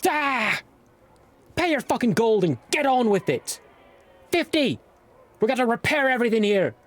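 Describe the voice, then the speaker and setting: A man voicing a grumpy, foul-mouthed old male dwarf dockmaster in a tabletop game, shouting and cursing impatiently. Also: very high-pitched, sing-song, normal speed, voice pushed up, exaggerated voice. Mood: angry, yelling. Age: older.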